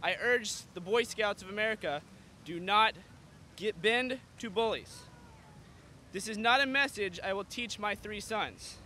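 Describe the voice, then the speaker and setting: High bright-voiced man giving a firm statement. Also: normal speed, slight background noise. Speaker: scout parent speaker. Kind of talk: prepared press statement.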